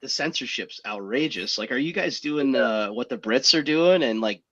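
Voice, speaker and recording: A man's voice: medium pitch, lively intonation, moderate pace, pushed and bright. Man, casual podcast host, blunt, swears a bit, muffled dull audio. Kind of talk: casual chat.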